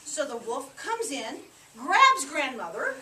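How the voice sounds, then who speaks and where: A woman's voice: high voice, sing-song, takes it slowly, sharp tone. A woman narrating a fairy tale and coaxing children to act out and repeat the lines. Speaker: storyteller leading children in a play. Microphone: camcorder mic from a distance. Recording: echoey room, camera far off, noisy.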